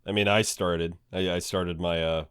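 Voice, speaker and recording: A man's voice: low voice, steady tone, normal speed, fairly bright tone, clean tone, no echo. A man co-hosting a podcast, joking around in a laid-back way. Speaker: podcast co-host and streamer. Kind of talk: casual banter.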